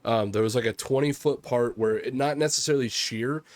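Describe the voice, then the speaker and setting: A young man running a tabletop game as game master, narrating with many pauses and fillers and laughing often. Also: medium pitch, dry recording.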